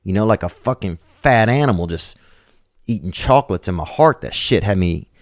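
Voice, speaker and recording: Sounding animated and low, a man hosting a podcast takes voicemail calls at a moderate pace, with studio-quality audio and no echo. He rambles casually in slang, piling up fillers and restarts and cracking crude jokes.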